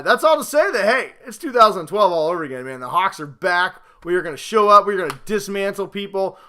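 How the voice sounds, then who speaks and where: A man hosting a casual football talk show, rambling and self-mocking, swinging between loud hype and low mutters. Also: smooth. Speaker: podcast host.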